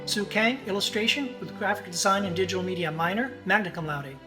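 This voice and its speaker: A man's voice: high-pitched, brisk, over music. A man on the illustration faculty giving a formal, recorded commencement address and reading out the graduates' names and honors.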